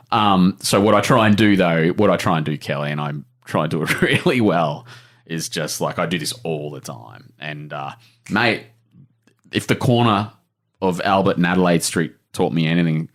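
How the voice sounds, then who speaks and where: An Australian man in his forties, a guest on a podcast, talking earnestly and rambling with lots of fillers. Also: sits low. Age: 40s. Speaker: author guest. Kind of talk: emotional podcast interview.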